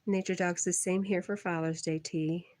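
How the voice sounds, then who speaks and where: A woman's voice: lowish voice, fairly even intonation, normal speed, a little mellow, no echo. A middle-aged woman hosting a casual livestream from her porch, reading chat comments aloud, teasing and laughing often.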